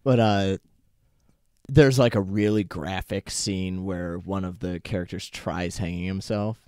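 A man co-hosting a casual podcast who talks haltingly, with lots of "like" and "uh". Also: sits low, fairly even intonation, mellow, clean tone, dry recording, clean studio sound. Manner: hesitant, full of "like" and "uh". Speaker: podcast co-host.

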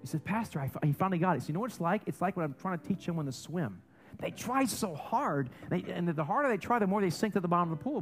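Pastor, man, high voice, lively joking sermon, soft music under. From German and Italian heritage. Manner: animated, joking, swings between loud and soft. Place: church sanctuary.

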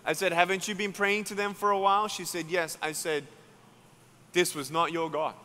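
A man with an Australian accent, preaching a sermon as an evangelist and telling a story, acting out each person's words and building to loud climaxes. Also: high-pitched, steady tone, normal speed. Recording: long hall reverb.

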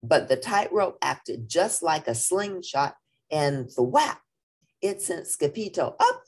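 A woman reading a children's picture book aloud in an expressive, playful way. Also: low-pitched, slow pace, breathy edge. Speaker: storybook reader.

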